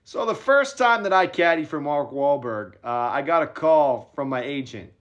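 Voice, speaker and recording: A man who works as a golf caddie, telling a funny story in an animated, boastful way and laughing between lines. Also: a little high, moderate pace, muffled recording. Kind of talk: comedic storytelling.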